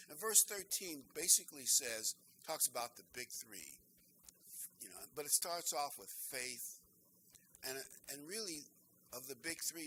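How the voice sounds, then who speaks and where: An older man preaching a sermon, earnest and emphatic, slowing down to stress key phrases. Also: medium pitch, sharp tone, slight background noise, low-quality recording.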